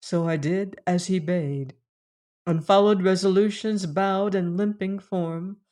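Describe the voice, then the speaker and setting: A slow, solemn male narrator. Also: sits high, fairly even intonation, darkish tone. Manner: measured, solemn reading. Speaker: audiobook narrator. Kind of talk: scripted narration of a classic novel.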